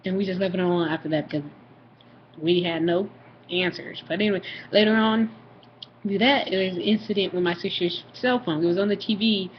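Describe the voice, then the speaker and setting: A woman's voice: lowish voice, a little fast, lo-fi sound, slight background noise. A young woman vlogger telling a story to the camera in a casual, rambling way, full of fillers and acted-out family voices.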